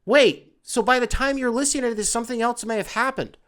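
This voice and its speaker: A man hosting a solo podcast in a loose, rambling, profane way, full of fillers and asides, who gets excitable when worked up. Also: very high-pitched, fairly quick. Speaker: podcast host. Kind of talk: casual solo podcast storytelling.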